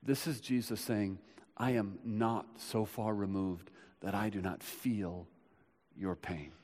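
Pastor in the pulpit: a man delivering an impassioned sermon with loud surges and quiet moments, reverb-heavy church sound. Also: fairly low pitch, fairly even intonation, slow pace. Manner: impassioned preaching, swinging from loud urgent builds to soft hushed passages. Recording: long hall reverb.

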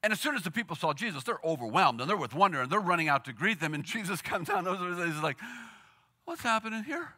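Animated, bright-voiced male preacher. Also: a little high, fast talker, few pauses. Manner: animated, conversational storytelling with acted quotes. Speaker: pastor. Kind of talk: sermon.

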